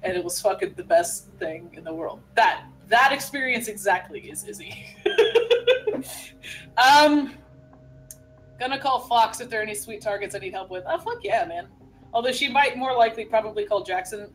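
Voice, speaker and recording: A woman chatting casually out of character during a tabletop game, laughing a lot, swearing freely and filling pauses with ums, a bit tipsy from beer. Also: medium pitch, sing-song, rough recording.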